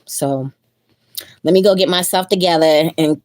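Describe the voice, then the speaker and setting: Low-voiced chatty woman livestreaming. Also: fairly even intonation, a little slow, long pauses, no room sound. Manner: chatty, repeats thanks, laughs often. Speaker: livestream host. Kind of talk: casual livestream chat.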